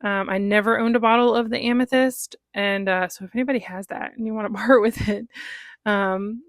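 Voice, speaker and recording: A woman's voice: mid-range voice, steady tone, brisk, dry recording. A woman vlogging about her fountain pen inks in a casual, chatty way, with lots of ums and small laughs. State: recovering from a cold. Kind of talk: casual show-and-tell vlog.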